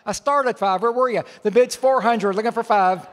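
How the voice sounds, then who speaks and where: A man running a live charity auction, calling bids in quick repetitive runs. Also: high-pitched, fairly bright tone, long reverb tail. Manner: rapid repetitive bid calling. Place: large event hall.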